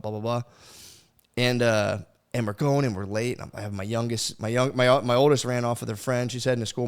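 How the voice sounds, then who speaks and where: A man in his thirties hosting a casual solo podcast from home, rambling with lots of fillers and swearing as he tells stories into a studio microphone. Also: mid-range voice. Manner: rambling and profane, with frequent fillers. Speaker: podcast host.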